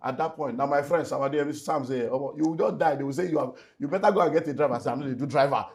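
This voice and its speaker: A man's voice: a little high, racing. Nigerian man telling a painful story. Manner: animated storytelling, mixes in Nigerian Pidgin, swings between loud and hushed. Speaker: pastor and relationship speaker. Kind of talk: emotional personal testimony in an interview.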